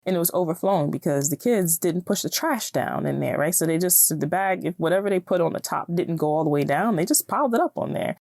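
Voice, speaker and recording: Woman podcast host, low register, easygoing and encouraging, dry close sound. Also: fast, few pauses, darkish tone, no room sound. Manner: chatty, encouraging, laughs often. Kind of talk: casual solo podcast talk.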